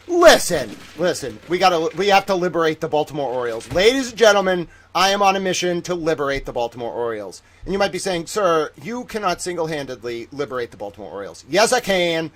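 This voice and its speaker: Animated, exclamatory male streamer. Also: a little high, quick pace, hardly any pauses. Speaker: livestream host. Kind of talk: casual livestream chat.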